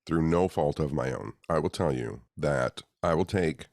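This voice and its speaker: Deep-voiced young man, dry and wry. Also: animated, moderate pace, a little mellow, dry recording. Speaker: podcast co-host. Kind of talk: casual chat.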